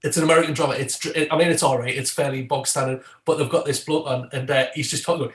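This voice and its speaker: A man's voice: mid-range voice, fairly even intonation, fast. A man with a Geordie accent, a guest comedian chatting casually, rambling and laughing between phrases. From Newcastle, England. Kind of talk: casual chat.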